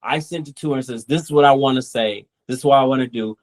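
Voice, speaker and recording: Brief: male comic creator, mid-pitched, loose rambling interview talk. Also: fast. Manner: relaxed, rambling, quotes people in asides. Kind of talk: casual interview chat.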